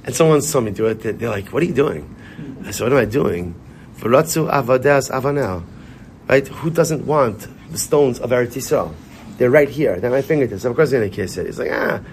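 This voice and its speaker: A man leads an informal Torah class in a synagogue, talking with animated energy and hammering points by repetition. His voice sits at an ordinary middle pitch, and he mixes Hebrew and Yiddish terms into his English. A faint hiss of the room runs underneath. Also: a little fast. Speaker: rabbi.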